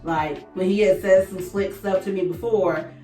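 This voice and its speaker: A young woman tells a story to her viewers while she does her makeup, in a chatty, animated way. She sounds a little distant from the mic in an echoey room, with faint music playing behind her. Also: medium pitch, normal speed. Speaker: beauty vlogger. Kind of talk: casual storytime chat while doing makeup. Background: faint background music.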